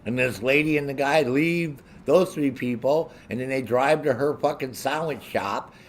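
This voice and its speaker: A man's voice: medium pitch, moderate pace, a little hiss or hum. A man streaming and ranting casually to his viewers, swearing heavily and sounding indignant. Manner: profane, heavy swearing; animated, indignant.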